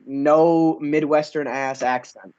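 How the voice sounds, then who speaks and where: A man's voice: fairly high pitch, fairly even intonation, slow pace, a little mellow, lo-fi sound. A man co-hosting a casual baseball watch-party stream, rambling and filling his talk with "like". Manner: rambling, heavy use of "like". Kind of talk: casual chat.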